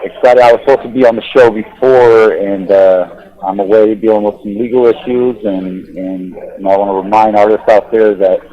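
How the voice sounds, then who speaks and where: A male caller heard over a dull, lo-fi phone line, his voice on the low side. He speaks hesitantly, with lots of pauses and filler words. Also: steady tone, warm tone. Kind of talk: casual call-in chat.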